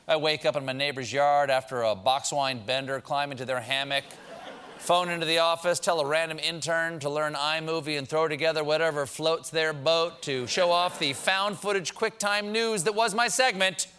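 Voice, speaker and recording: A man's voice: a little high, sharp tone. A man hosting a late-night comedy show, delivering a wry monologue with punchy jokes and mock outbursts. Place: small storage closet.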